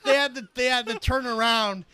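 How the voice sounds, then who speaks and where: A man co-hosting a casual podcast and telling stories in an animated, profane way. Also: very high-pitched, a little fast, heavy background noise. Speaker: podcast co-host, former police officer.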